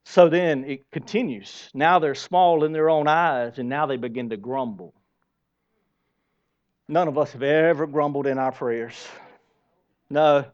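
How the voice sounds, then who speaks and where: High-pitched guy in his 40s preaching, chatty, asks the crowd stuff, goes loud then real quiet, kinda dull lo-fi sound. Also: measured pace, pauses often. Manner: conversational preaching, questions the congregation; swings between loud emphasis and hushed asides. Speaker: pastor. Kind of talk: sermon.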